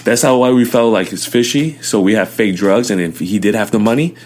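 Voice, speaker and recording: A young man in his twenties, an interview guest telling his life story in an animated way. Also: fairly low pitch, brisk. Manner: animated storytelling, acting out quotes loudly.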